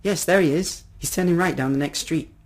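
A man voicing a young girl, eager and curious, asking excited questions. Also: fairly high pitch, fairly quick, voice pushed up.

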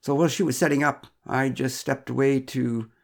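A man's voice: medium pitch, steady tone, moderate pace, creaky, pitched above the performer's own voice. A man voicing a flustered middle-aged father who stammers and protests too much in a storybook reading.

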